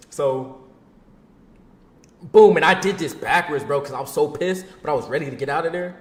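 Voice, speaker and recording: A young man casually telling a story from his own life to a camera. He talks in loose slang, says "bro" and "boom" a lot, and laughs along the way. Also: brisk, reverberant. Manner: slangy and laid-back, peppers talk with "bro" and "boom".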